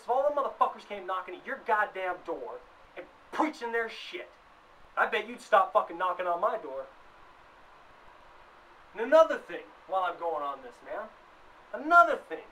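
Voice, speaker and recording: A man ranting in a comedic vlog, swearing freely, worked up, with bursts of loud emphasis. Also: sits high. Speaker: vlogger. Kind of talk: comedic rant. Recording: distant mic, faint background noise.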